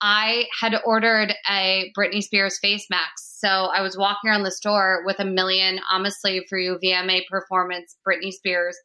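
Young woman hosting a podcast, bright voice, says like constantly, giggly. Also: medium pitch, level tone, normal speed, hardly any pauses. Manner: chatty, heavy use of "like", frequent laughter. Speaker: podcast host. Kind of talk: casual podcast chat.

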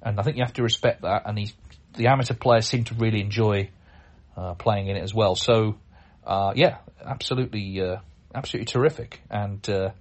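Husky-voiced man hosting a chatty podcast. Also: fairly low pitch, a little fast. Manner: chatty, rambling, with many fillers and restarts. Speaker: podcast host. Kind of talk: casual solo podcast talk.

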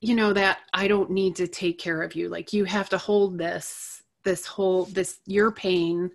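A middle-aged woman telling an emotional personal story as a guest, candid and animated, laughing between phrases. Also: on the low side, measured pace, creaky.

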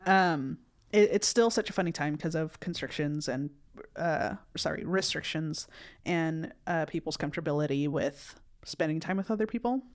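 A woman's voice: low-pitched, normal speed. A woman co-hosting a podcast in casual conversation, talking in a rambling way with many fillers and restarts. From United States. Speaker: podcast co-host.

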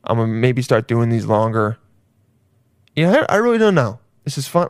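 A man's voice: medium pitch, big pitch swings, fairly quick, clear, resonant tone, no echo. A man hosting a podcast in casual chat, rambling loosely and swearing freely. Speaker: podcast host.

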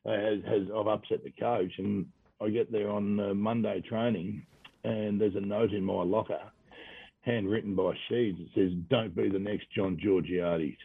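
A low-voiced Australian man with a gravelly, husky edge tells his footy stories in a loose, laughing ramble full of fillers. The sound is tinny and phone-like, as if heard over the radio, with a dry, close feel. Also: fairly even intonation, normal speed, no echo. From Western Australia. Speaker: guest, former footballer. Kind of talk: casual storytelling interview.

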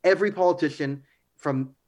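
A man talking politics as a radio guest, his voice sitting a bit high for a man. He is animated and opinionated, and he slips into mocking imitations as he argues his points. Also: fairly quick. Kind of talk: radio talk-show interview.

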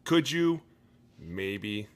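Man, podcast co-host, low voice, animated, casual swearing. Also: very slow. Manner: animated, swears freely, says "dude" a lot. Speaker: podcast co-host, former lineman. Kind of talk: casual sports chat.

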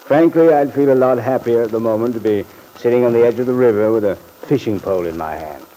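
A man's voice: medium pitch, fast talker, dark tone, natural voice, poor audio. An actor playing a fatherly middle-aged bank-owning uncle in a vintage radio soap, genial and chuckling. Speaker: bank executive.

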